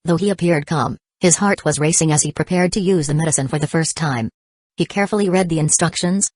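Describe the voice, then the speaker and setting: A woman narrating an audiobook in an even, measured reading. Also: deep voice, no echo. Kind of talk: scripted narration.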